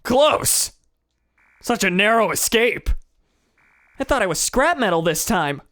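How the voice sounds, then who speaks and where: Eager robot girl voiced by a streamer, bouncy and lively. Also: medium pitch, slow. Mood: relieved. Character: plucky young female robot girl.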